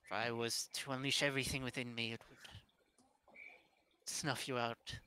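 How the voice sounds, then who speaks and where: A man voicing a gentle, sorrowful fey woman who speaks softly and tenderly, at times in a whisper. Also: medium pitch, level tone, normal speed, a little hiss or hum, close to an everyday voice. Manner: soft, tender, sometimes whispered.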